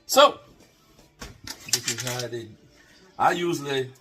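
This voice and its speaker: A man's voice: mid-range voice, slow, over music. A man in his home kitchen, talking casually to a camera on a tripod as he shows his cooking steps, rambling and checking in with viewers. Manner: rambling, talks straight to viewers, lots of okays. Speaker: home cook filming a cooking video.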